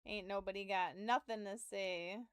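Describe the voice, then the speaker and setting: A woman's voice: medium pitch, steady tone, moderate pace, smooth, no echo. A young adult woman streaming from home, telling a story in casual chat with laughs and profanity, close to her mic. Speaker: game streamer.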